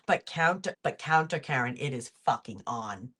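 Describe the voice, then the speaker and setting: A woman's voice: a bass voice, expressive, normal speed, fairly bright tone, husky. A middle-aged woman co-hosting a casual chat, chiming in with blunt, swearing quips. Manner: chimes in with blunt, profane quips. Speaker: podcast co-host.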